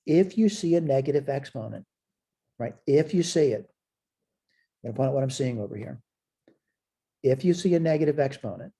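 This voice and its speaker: Man, math lecturer, very dark mellow voice, a bit husky, asks and answers his own questions. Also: medium pitch. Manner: repeats phrases while writing on a board. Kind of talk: recorded college lecture.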